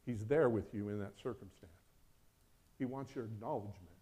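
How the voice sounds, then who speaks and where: A middle-aged pastor preaches a sermon at a moderate pace, pausing often. He swings between loud, urgent questions and quiet, low asides.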